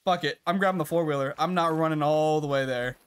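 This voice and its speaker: A man streaming a hunting game live, chatting to viewers and reacting out loud to what happens on screen. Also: a little high, quick pace, clean tone. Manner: chatty, reacts loudly with laughs and gasps. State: out of breath at times. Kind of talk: live gameplay commentary.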